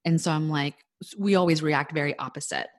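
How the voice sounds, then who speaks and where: A woman in her thirties telling her fertility story in a casual chat, animated and quick to quote what people said. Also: low-pitched.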